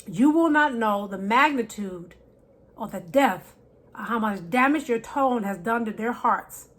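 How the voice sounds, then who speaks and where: A woman giving faith-based marriage advice to women, emphatic and preacherly, repeating key phrases and dropping from loud to soft. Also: on the high side. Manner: preacherly, quotes scripture, shifts loud to soft.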